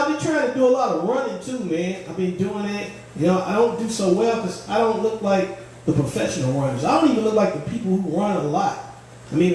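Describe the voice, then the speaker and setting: High-voiced man doing stand-up, echoey. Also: darkish tone, a little hiss or hum. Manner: laid-back storytelling with frequent "man". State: sweaty from exertion on stage. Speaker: stand-up comedian. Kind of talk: stand-up routine. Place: comedy club stage. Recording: echoey room from far off.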